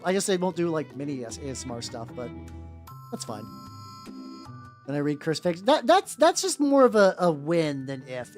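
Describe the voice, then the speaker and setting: A VTuber streamer talks casually while painting, rambling from thought to thought with plenty of swearing and false starts. The pitch swings lively and expressive throughout. Quiet music plays faintly underneath. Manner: rambling and profane, many fillers and restarts. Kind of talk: casual live-stream chat while working. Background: faint background music.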